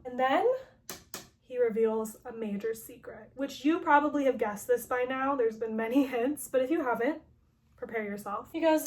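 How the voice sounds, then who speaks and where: A young woman retelling a story game in a chatty, joking way, leaning on "like" as she goes. Her voice sits high, and the tone stays casual and conversational. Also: normal speed, a little mellow, slight background noise. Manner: chatty, heavy use of "like", joking asides. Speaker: game recapper.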